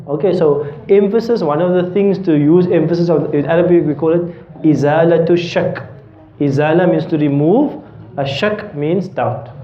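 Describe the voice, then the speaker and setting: In a roomy, dull-sounding lecture hall, a male teacher with a voice on the high side uses everyday examples to explain his material, repeatedly making sure his students are following along. A little hiss or hum runs under the recording.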